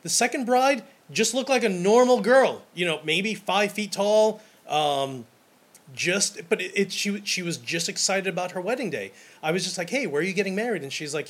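A man's voice: sits high, normal speed. A young man, a wedding photographer, talking casually and enthusiastically about his work, with frequent restarts. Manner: energetic and enthusiastic, many restarts. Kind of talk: casual monologue to camera.

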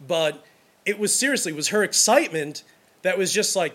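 A man's voice: high voice, expressive, brisk, fairly bright tone. A wedding photographer from Brooklyn, a man talking casually and enthusiastically, rambling with restarts as he gives advice. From Brooklyn, New York.

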